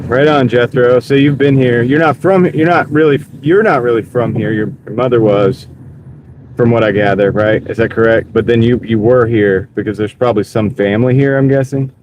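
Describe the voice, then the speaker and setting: A man's voice: mid-range voice, fairly even intonation, normal speed, highs cut off. A man live-streaming from his car as a delivery driver, chatting casually with viewers and playfully repeating words. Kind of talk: casual live-stream chat while driving. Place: inside a car. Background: faint car noise.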